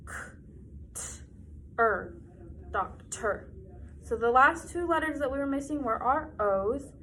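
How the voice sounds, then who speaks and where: Teen girl doing a kids' reading lesson, kinda high voice, slow sing-songy phonics, faint hum behind. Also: a bit bright, poor audio. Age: teens. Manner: slow and sing-song, sounding out letters. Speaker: student presenting a teaching demonstration. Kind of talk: teacher talk to young children, then reflection.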